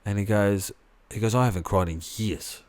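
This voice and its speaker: A man with a very deep voice talks loosely on a podcast. He rambles, restarts his sentences and swears casually as he thinks aloud. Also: moderate pace. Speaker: podcast co-host. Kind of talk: casual chat.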